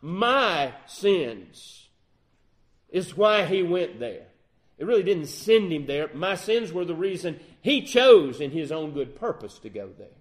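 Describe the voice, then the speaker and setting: A man preaching a sermon, quoting scripture and addressing his listeners as brothers and sisters, with swings between loud and soft passages. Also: a little high, slow. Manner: lively preaching, quotes scripture, rises and drops in volume.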